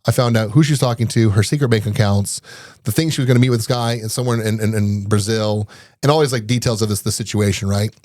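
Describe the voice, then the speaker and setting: A middle-aged man, a guest on a podcast, telling lively anecdotes in a casual interview and often laughing between them. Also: lowish voice, dry recording, studio quality. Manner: rapid, animated anecdotes broken up by laughter. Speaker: podcast guest, IT business owner.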